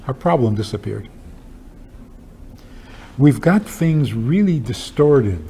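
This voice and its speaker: A man's voice: medium pitch, expressive, slow, pauses often, mellow, slightly rough. A man, a rabbi, giving a talk with humorous stories and pointed rhetorical questions in an emphatic, wry manner. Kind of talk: lecture with humorous storytelling.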